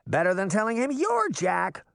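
A man's voice: high-pitched, wildly swooping pitch, moderate pace, vocal fry, a bit bright, no room sound, studio quality, voice pushed up, heavily acted. A man voicing a brash, teasing boy fairy in an audiobook. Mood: cocky. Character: cocky mischievous boy fairy. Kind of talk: audiobook character voice.

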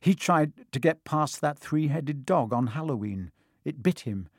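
A man's voice: fairly high pitch, lively intonation, a little slow, darkish tone, dry recording, studio quality. Harry, a man doing an earnest schoolboy wizard.

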